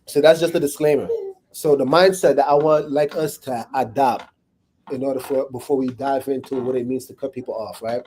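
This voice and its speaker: There's slight background noise as a man delivers a relaxed, conversational sermon from the Bible to a small group gathered in a room. His mid-range voice is steady and a little mellow, a bit fast, and he often asks "right?" to check in.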